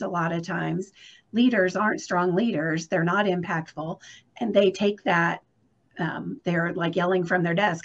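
Woman panelist, gravelly, animated storyteller, dull lo-fi sound. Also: medium pitch. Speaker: book discussion panelist. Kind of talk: casual conversation.

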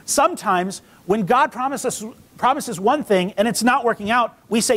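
A man pastor giving a casual, conversational sermon in a church, reading scripture and acting out the quotes. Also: normal speed. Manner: conversational, acts out quotes with lively pitch. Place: church sanctuary.

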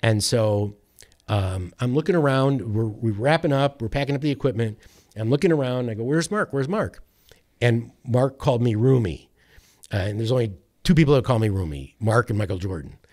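Man, mid-pitched voice, casual storytelling, rambling, restarts, producer guest. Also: a little fast. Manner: rambling, animated anecdote with quoted voices and self-corrections. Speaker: sports radio producer, guest.

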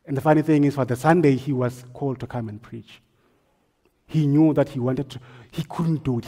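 A married man preaching a sermon as pastor, telling stories and swinging between hushed lines and forceful ones. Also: mid-range voice, breathy edge. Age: adult, married.

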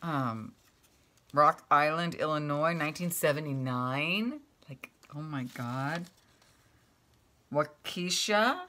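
A craft vlogger in her fifties opens fan mail on camera, chatting casually, gushing and exclaiming over each piece as she reads it aloud and thinks out loud. Her voice is low-pitched and unhurried, with slight background noise.

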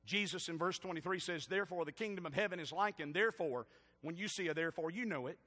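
A man's voice: on the high side, fast talker, bright, forceful tone, long reverb tail. A middle-aged man with a Southern US accent, a pastor preaching a sermon with rising, stirred-up emphasis and jokes for the congregation. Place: church sanctuary.

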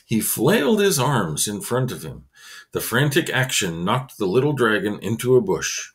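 A man's voice: lowish voice, sing-song, normal speed. A man reading a children's novel aloud expressively, adding casual asides. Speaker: reader.

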